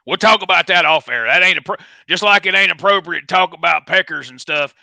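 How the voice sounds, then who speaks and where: A man's voice: sits high, brisk, gravelly, pushed and bright, no echo, low-quality recording. A man with a folksy, rambling, slangy way of talking, doing a comedic bit as a wrestling promoter. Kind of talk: comedic in-character call-in.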